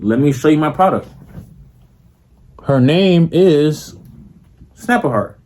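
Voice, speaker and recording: This young Floridian content creator speaks with a fairly high, lively voice that's a little mellow, going slowly and pausing often. Addressing the camera casually, he swears, leans on slang and filler tags, and keeps saying "you feel me."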